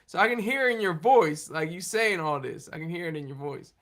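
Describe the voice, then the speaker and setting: Answering viewers on a casual livestream, this host rambles through restarts, asides, and laughs, his delivery halting. His voice sits a little high and sounds animated and a bit bright.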